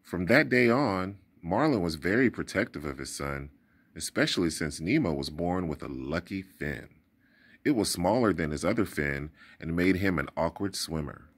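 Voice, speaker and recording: A man reading a children's storybook aloud in a deep, low voice. His delivery is expressive and dramatic, with lively rises and falls in pitch. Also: normal speed, husky. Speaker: storybook reader. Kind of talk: read-aloud storybook narration.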